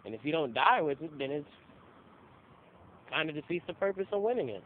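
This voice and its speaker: A man's voice: a little high, very animated, a little fast. A young man tells casual stories in a loose, profane way and acts out the people he quotes. His voice comes through a narrow, phone-like recording with a faint hiss behind it. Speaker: interviewee. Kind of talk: casual storytelling. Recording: phone-like audio with faint noise.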